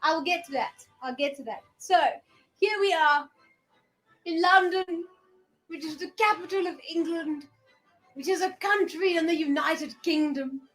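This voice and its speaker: A hammy show host as a young woman puts on a London-style voice on a children's show, high-pitched and theatrical. A little music plays underneath her. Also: a little slow, few pauses, a bit bright.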